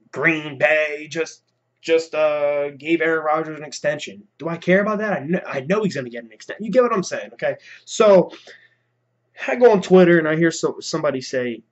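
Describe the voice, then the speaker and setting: A man with a fairly high voice rants into his computer mic at home, animated and profane, circling back to the same points. The sound is dull and lo-fi, like a cheap webcam. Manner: animated, profane, repeats himself, talks to viewers. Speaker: fan vlogger. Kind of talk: casual ranting vlog.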